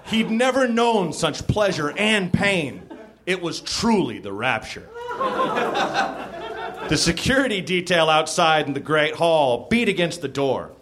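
A man comedian reading a raunchy story aloud to a live theater audience, stumbling and laughing now and then. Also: sits high. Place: small theater stage.

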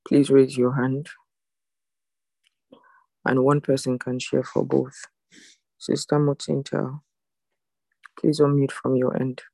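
A woman hosts an online church devotion over a video call. Her voice is low-key and level, with a gravelly edge and very dry, close sound. She is formal, calling each person esteemed. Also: level tone, slow pace, pauses often, dark tone, dry recording, poor audio. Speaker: prayer meeting moderator.

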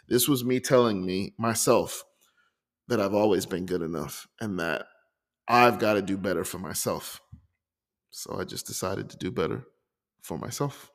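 Low-voiced man reading his own poems. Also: big-room sound. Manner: reflective, confessional, slows down to read poems. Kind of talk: personal podcast monologue with poetry readings.

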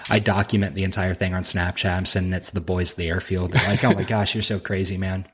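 Low husky man telling a story. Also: quick pace. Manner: animated, laughing, profane anecdote-telling. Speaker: podcast guest, helicopter crew chief. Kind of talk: casual storytelling.

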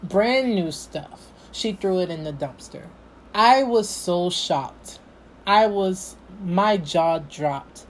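A young woman telling a casual storytime vlog, animated, acting out what her past self said. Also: fairly low pitch, slow pace, slight background noise. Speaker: vlogger.

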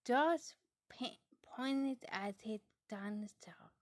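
Slow, hushed woman reading a storybook. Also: on the high side, animated, no echo, clean studio sound. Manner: soft, slow, often dropping into a hush. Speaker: storybook reader. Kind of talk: reading a children's picture book aloud, softly.

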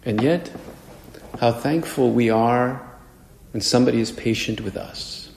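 A man's voice: mid-range voice, a little slow, creaky, darkish tone, slight background noise. A man, a priest, preaching a homily in a conversational way and acting out the voices he quotes. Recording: echoey hall with long reverb.

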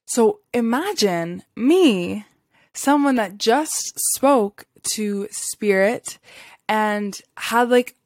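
A woman's voice: on the high side, lively intonation, drawn-out words, a little mellow, dry recording, studio quality. A woman hosting a podcast, telling a spiritual story in a casual, rambling way, full of fillers and little laughs. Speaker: podcast host.

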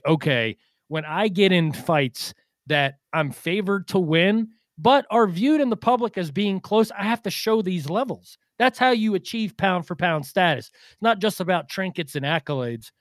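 A man co-hosts a casual podcast, talking a bit higher than most men. He rambles, restarts his sentences, and peppers them with fillers and swear words. The mic sound is close and dry, with no room around it. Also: no room sound. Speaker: boxing podcast co-host.

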